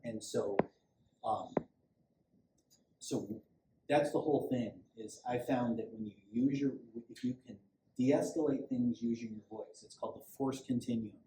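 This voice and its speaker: At a measured pace and in a mid-range voice, a middle-aged police sergeant runs a casual, conversational safety training session for a small group, performing little quotes as he talks. The audio has room echo, a far-off mic and faint hiss.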